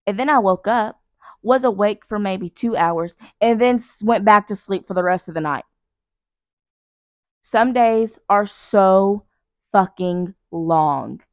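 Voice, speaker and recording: A woman's voice: mid-range voice, slow, no echo, clean studio sound. A young woman hosting her own podcast from her couch at night, talking in a blunt, profane, rambling and self-mocking way. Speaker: podcast host. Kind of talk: casual solo podcast chat. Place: living room couch at night.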